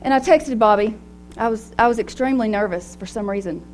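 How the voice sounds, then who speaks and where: A middle-aged woman speaking to a women's gathering in a personal, animated way, laughing often as she talks. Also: on the high side, a little fast, soft background music. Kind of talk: devotional talk to women.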